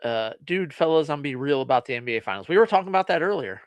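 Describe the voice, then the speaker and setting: A man's voice: fairly high pitch, lively intonation, fast, no room sound. A man co-hosting a casual live-stream show, laid-back, giving short replies and talking to the chat. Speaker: podcast co-host.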